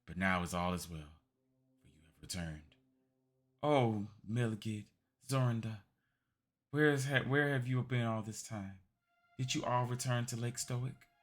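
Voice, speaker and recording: A man's voice: sits low, level tone, normal speed, bright, forceful tone, husky, soft background music, full character voice. A man voicing a guilt-ridden old knight who speaks formally and wanders in his thoughts. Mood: rambling.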